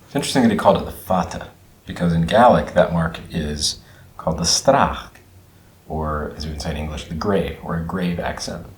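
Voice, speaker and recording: Very deep-voiced man reacting, echoey room. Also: brisk. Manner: thinks aloud with fillers, repeats words to sound them out. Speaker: channel host reacting to a video. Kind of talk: casual reaction commentary.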